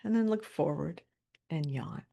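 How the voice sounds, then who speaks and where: Low, gravelly-voiced woman guiding a webinar. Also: a little slow. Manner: calm, inviting, laughs lightly between cues. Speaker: webinar presenter. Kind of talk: guided body-awareness instruction. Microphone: video call.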